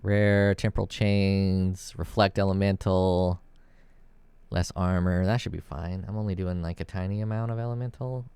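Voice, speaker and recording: A man with a low, smooth voice talks his way through a video game in a loose, rambling way. He thinks aloud, drifts into jokes and swears now and then. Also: fairly even intonation, moderate pace, dark tone, no echo. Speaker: gameplay video creator. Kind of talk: casual gameplay commentary.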